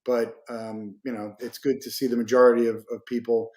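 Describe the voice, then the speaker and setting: A man hosts an interview in a casual, loose way, searching for words with plenty of fillers. His mid-pitched voice carries a noticeable roomy echo. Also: level tone, fairly quick, darkish tone. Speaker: podcast host. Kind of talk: interview questions, casual chat.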